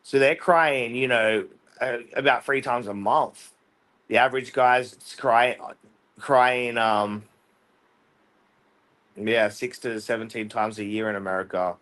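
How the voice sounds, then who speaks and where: A man's voice: medium pitch, steady tone, takes it slowly, fairly bright tone. Curious male podcast host on a call. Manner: curious, asks lots of questions. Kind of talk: casual panel chat. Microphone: video call.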